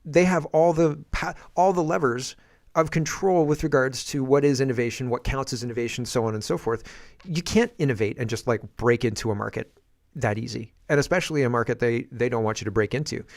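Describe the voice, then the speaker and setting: A man's voice: medium pitch, fairly quick, no echo. Guy hosting a politics show, sarcastic, chuckles a lot, dry close recording. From Canada. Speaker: political commentary host. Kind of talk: casual political commentary.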